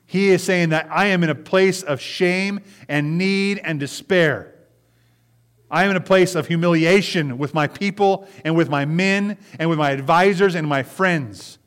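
Pastor, male, slightly high voice, reflective sermon delivery, draws out scripture and repeats points. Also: a bit bright. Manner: repeats key phrases, stretches scripture slowly, asks "Amen?".

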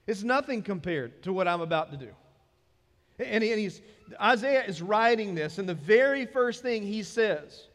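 High-voiced Southern preacher in a reverberant hall. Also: male voice, animated, a little slow, fairly bright tone. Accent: Southern American. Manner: conversational preaching, rising to emphatic. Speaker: pastor. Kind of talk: sermon. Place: church sanctuary.

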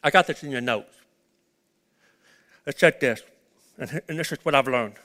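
Bright-voiced preacher with dramatic swings. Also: male voice, normal speed. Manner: dramatic swings from loud urgent peaks to hushed low passages. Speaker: pastor. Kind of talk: sermon.

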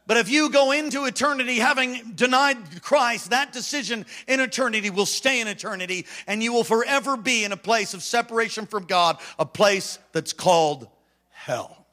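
Brief: male preacher, animated storyteller, bright and high in pitch. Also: moderate pace. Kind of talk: sermon.

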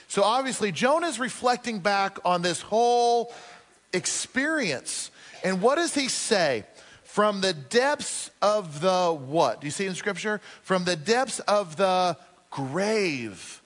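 A male pastor preaching a sermon earnestly, asking the congregation questions and slowing down to stress his points. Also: high-pitched, a bit bright, long reverb tail.

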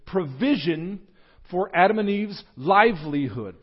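A man's voice: animated, measured pace, slightly rough. Earnest male preacher, muffled recording. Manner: earnest teaching tone with frequent fillers and restarts; voices scripture quotes with sudden rises in pitch and loudness. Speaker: pastor. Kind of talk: sermon. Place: church.

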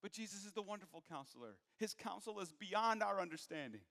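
A man preaching a sermon, moving from hushed, low passages to raised, emphatic ones. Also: animated, fairly quick, vocal fry, big-room sound.

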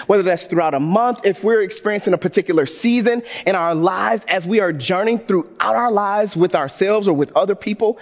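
Guy pastor preaching, high voice, jokey storytelling, kinda dull sound. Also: in a large hall. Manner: animated storytelling with self-deprecating humor. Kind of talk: sermon.

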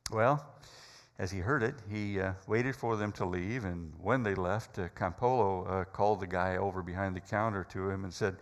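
Gravelly low-voiced preacher in a reverberant hall. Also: male voice, normal speed. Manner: dramatic, varied storytelling with hesitant fillers. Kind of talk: sermon storytelling.

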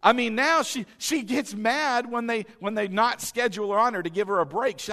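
High-voiced, animated preaching man. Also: moderate pace, few pauses. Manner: animated, calls the congregation to repeat after him. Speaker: pastor. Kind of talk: sermon.

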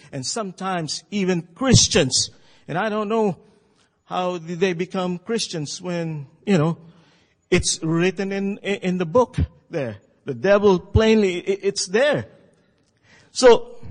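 A man preaching a sermon, telling a story with halting phrasing and calling for amens. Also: high-pitched, in a large hall, low-quality recording.

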